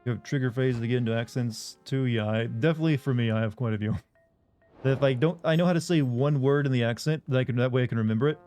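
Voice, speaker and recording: A man's voice: medium pitch, fast, warm tone, soft background music. A man streaming a video game, talking casually and rambling with lots of self-corrections. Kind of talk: casual live-stream chat while gaming.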